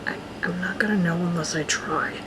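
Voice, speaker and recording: A woman's voice: on the low side, a little fast, background noise, natural voice. A woman voicing a sulky teen boy. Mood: subdued. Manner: short, defensive retorts. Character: moody teenage boy, guarded and irritable. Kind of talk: amateur voice drama. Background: background music.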